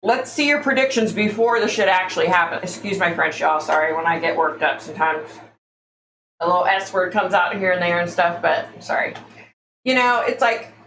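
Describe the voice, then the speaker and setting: A woman's voice: fairly low pitch, fairly quick, a bit bright. A woman hosting a casual psychic livestream, chatty and exasperated, calling her listeners y'all. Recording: echoey room, faint background noise.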